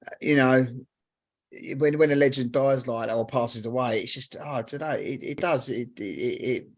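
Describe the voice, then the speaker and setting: A man's voice: medium pitch, moderate pace. A man co-hosting a casual football radio chat, stumbling and repeating his words. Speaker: co-host.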